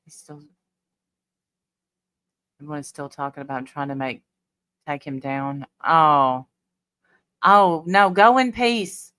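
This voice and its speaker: Low-voiced chatty woman streaming live. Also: slow pace, long pauses, fairly bright tone, clean tone, no room sound. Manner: chatty, blunt, talks back to chat. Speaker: livestream host. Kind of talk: casual live chat reading comments.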